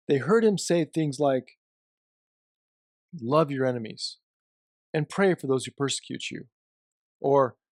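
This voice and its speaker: A man giving a devotional teaching, reading scripture and explaining it in a measured way with emphasis on key phrases. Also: mid-range voice, dry recording, studio quality. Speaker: Bible teacher.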